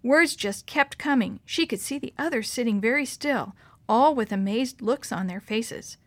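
A woman narrating a children's storybook aloud in an expressive, lively way. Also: on the high side, moderate pace, dry recording.

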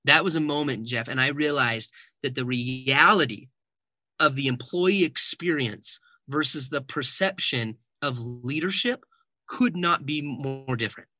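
Bright, animated storytelling man. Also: mid-range voice, unhurried, no room sound. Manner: animated storyteller who acts out quoted dialogue. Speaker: guest, keynote speaker and author. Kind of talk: conversational interview storytelling.

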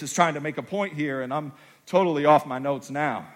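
A man preaching a sermon to his congregation, swinging from quiet, joking asides to loud, shouted proclamations. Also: fairly high pitch, brisk. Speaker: pastor. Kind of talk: energetic sermon. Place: church sanctuary with congregation.

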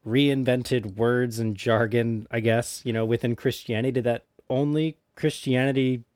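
A man's voice: mid-range voice, fairly even intonation, a little slow, a little mellow, dry recording, studio quality. A man hosting a casual podcast chat, easygoing and heavy on fillers like "like" and "you know". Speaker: podcast host.

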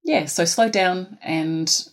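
A woman's voice: lowish voice, slow. A woman with a New Zealand accent, a teacher answering podcast questions in a careful, explanatory way with frequent ums. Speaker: phonics intervention teacher, guest.

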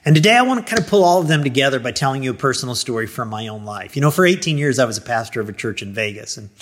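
A middle-aged man, a pastor, telling a personal story in an animated way, acting out his own thoughts and replies. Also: medium pitch, very fast.

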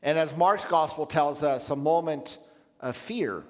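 Reflective male pastor in echoing hall. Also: on the high side. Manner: measured, reflective preaching with pauses. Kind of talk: sermon.

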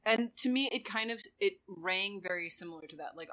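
A podcast co-host in an easy conversation, with a bright, sharp-edged tone. They talk loosely and hesitantly, often pausing on fillers, with a voice at a middle pitch. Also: low-quality recording. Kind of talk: casual discussion.

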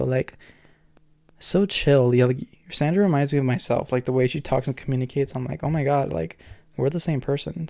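A man's voice: medium pitch, gravelly, dark tone, clear, resonant tone, no room sound, clean studio sound. A man hosting his own podcast, talking alone in an earnest, rambling way with many fillers. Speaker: podcast host. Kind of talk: casual solo podcast talk.

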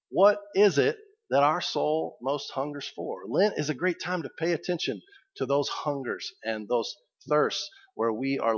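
Conversational male pastor preaching. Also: medium pitch. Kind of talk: sermon. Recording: dull lo-fi recording.

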